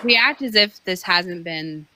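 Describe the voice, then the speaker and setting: Bright-voiced woman, dismissive debater. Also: fairly low pitch, expressive, measured pace, a little hiss or hum, poor audio. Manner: combative and dismissive, swears, keeps asking "right?". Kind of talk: live online debate.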